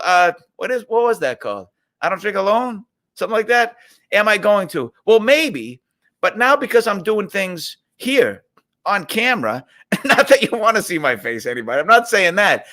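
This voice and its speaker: Man, middle-aged, from Boston, live-stream host, chatty, forceful bright tone, slightly high voice. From Boston, USA. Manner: chatty, reads out viewer questions and rambles into stories. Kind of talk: casual live-stream chat.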